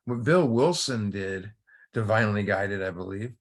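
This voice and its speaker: A man's voice: fairly low pitch, moderate pace. A middle-aged man hosting a recovery study group, telling a story and teaching in a casual, conversational way, often repeating and restarting words.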